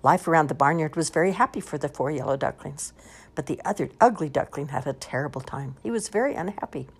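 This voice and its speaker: A woman reading storybooks aloud in an expressive, lively storytelling manner. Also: low-pitched, fast talker, husky. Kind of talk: animated storybook read-aloud.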